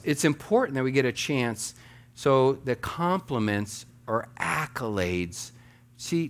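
A man preaching a sermon as pastor, animated, acting out little quoted asides as he teaches. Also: mid-range voice.

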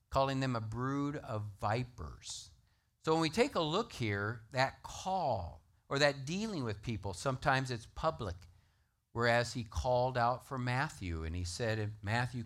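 A man preaching a sermon, emphatic and animated, citing scripture references to the congregation. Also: mid-range voice. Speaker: pastor.

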